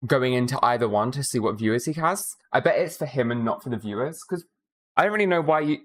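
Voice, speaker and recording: A woman streaming a video game, chatting casually and rambling with her viewers, often swearing. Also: very deep voice. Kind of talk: casual live-stream chat.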